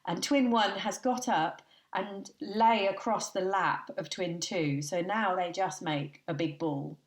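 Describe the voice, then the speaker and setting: A woman guest on a podcast, telling lively anecdotes in a chatty way and laughing often. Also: fairly low pitch, slow, echoey room. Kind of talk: chatty storytelling.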